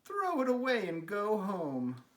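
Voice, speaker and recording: A man's voice: sits high, huge pitch swings, unhurried, pitched above the performer's own voice, exaggerated voice. A man voicing a group of mocking, jeering robins in a storybook reading. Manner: taunting, drawn out. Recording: roomy, echoey room.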